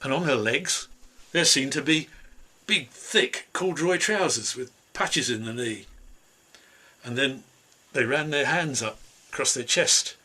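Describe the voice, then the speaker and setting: A man telling a traditional folk tale aloud in a lively, dramatic way over a video call, from a home room. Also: medium pitch, slightly rough. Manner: lively, dramatic, voices characters. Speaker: storyteller. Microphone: computer mic on video call.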